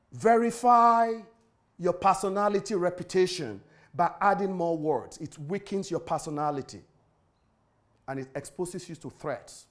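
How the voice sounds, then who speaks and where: A man with a notably high voice delivers a sermon. He preaches emphatically, repeating key words for weight and spelling terms out one letter at a time.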